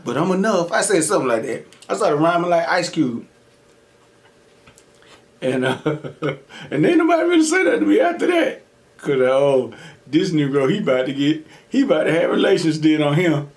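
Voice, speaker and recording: Brief: young male mukbang host, animated storyteller with quick laughs, a touch high-pitched. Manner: animated, laughs often, acts out quotes. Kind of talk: casual storytelling while eating.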